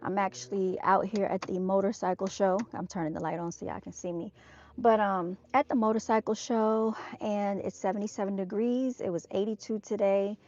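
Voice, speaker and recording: A woman's voice: mid-range voice, fairly even intonation, normal speed, a little mellow. A woman chatting casually on a live stream from an outdoor motorcycle show, speaking straight to her viewers on her phone. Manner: chatty and direct, calls viewers "y'all". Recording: dull, dry lo-fi sound.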